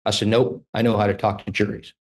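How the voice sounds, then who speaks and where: A man in his fifties, a trial lawyer telling animated stories in a casual interview and acting out the dialogue. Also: on the low side, fast, gravelly.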